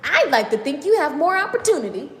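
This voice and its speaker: A high-voiced woman rants excitedly on a motivational live stream, talking fast and slangy and hammering her points home by repeating them. She is recorded on a phone in her home kitchen, where the hard room gives her voice a long, echoey ring. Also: slight background noise. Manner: excited fast ranting, talks too fast; casual slangy and emphatic, repeats phrases. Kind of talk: energetic motivational talk.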